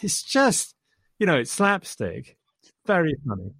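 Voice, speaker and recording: A man's voice: fairly high pitch, huge pitch swings, measured pace, fairly bright tone, slightly rough, dry recording, studio quality. Chatty man reviewing a film. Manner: enthusiastic, chuckling retelling of scenes. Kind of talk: casual film discussion.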